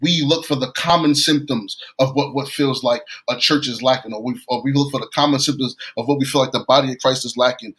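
A man's voice: mid-range voice, bright, forceful tone, low-quality recording. A man from New York preaching a sermon, telling a story and often repeating and restarting his phrases.

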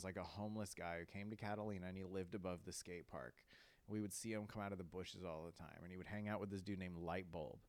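A man's voice: low-pitched, dry recording. A young man, hosting a podcast and telling rambling stories, swearing and saying "like" a lot. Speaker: podcast host. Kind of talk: casual storytelling monologue.

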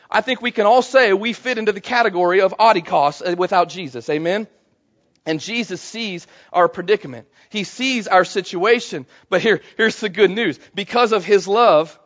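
At a church service, a pastor preaches to his congregation in a fairly bright voice that sits high, with the highs cut off in the audio. He talks conversationally and invites the room to respond.

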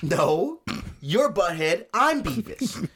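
A man's voice: sits high, slow pace, husky. A man from Southern California with an American accent, co-hosting a podcast in casual, teasing chat. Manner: teasing, wildly expressive reactions. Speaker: podcast co-host.

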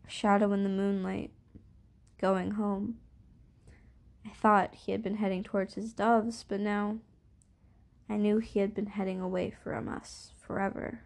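A woman reading a novel aloud as narrator, in a measured, steady storytelling voice. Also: medium pitch, vocal fry. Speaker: audiobook reader. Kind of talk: scripted narration.

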